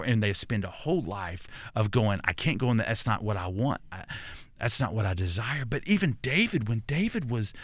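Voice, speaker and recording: An older pastor with a Texan accent speaks as a podcast guest, earnest and reflective, often restarting and repeating words as he goes. His voice sits at an ordinary pitch for a man. The sound is close and dry, as from a studio mic. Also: no room sound. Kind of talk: conversational storytelling.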